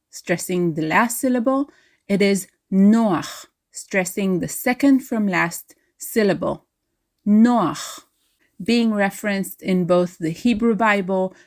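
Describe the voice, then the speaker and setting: A woman teaching Hebrew names, speaking carefully and spelling out each pronunciation. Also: medium pitch. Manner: careful, deliberate enunciation of each word. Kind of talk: slow, clear language lesson. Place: outdoors in wind, then indoors in a workshop.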